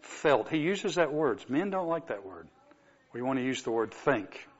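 A man preaching a sermon, telling a story and moving from soft asides to emphatic exclamations. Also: mid-range voice, very animated, normal speed, muffled recording.

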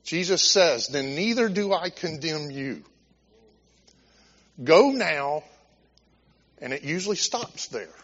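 A male pastor delivers an impassioned, conversational sermon, his fairly high voice rising and falling widely. The recording is dull and lo-fi, with a long reverb trailing through the church hall. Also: expressive, takes it slowly, pauses often, fairly bright tone. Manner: impassioned, conversational preaching with restarts.

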